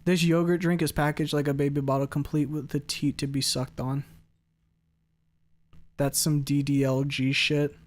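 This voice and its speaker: Young male streamer, casual and jokey, rambling chat with viewers, loud bursts and low mutters. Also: moderate pace. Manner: jokey and rambling, swings between loud excited bursts and low mumbled asides.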